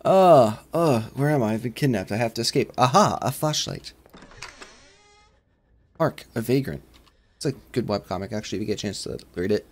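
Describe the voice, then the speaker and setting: A man hosting a let's-play of a horror game, rambling along and shouting whenever he is startled. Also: mid-range voice, lively intonation, normal speed, pauses often. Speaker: gaming channel host.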